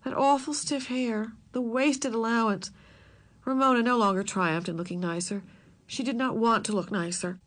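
A woman reads a children's novel aloud in a slightly high voice. Her storytelling is measured and expressive. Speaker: narrator.

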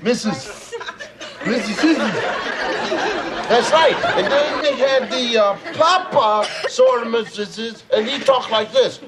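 A man's voice: very high voice, slow pace, a loud crowd. An actor playing a playful middle-aged father in a family sitcom, teasing his kids and lecturing them in mock-serious fashion. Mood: joking. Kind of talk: sitcom acting before a studio audience. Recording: loud studio audience laughter behind.

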